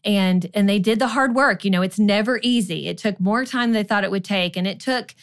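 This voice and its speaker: A woman's voice: mid-range voice, brisk. A woman co-hosting a marriage podcast, telling a personal story in an earnest, conversational way. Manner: earnest storytelling with quoted voices. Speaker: podcast co-host. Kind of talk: casual conversation.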